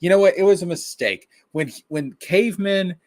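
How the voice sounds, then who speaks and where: A man in casual chat, ranting with animated, profane mock outrage. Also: high voice, normal speed, no echo, clean studio sound. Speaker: podcast co-host.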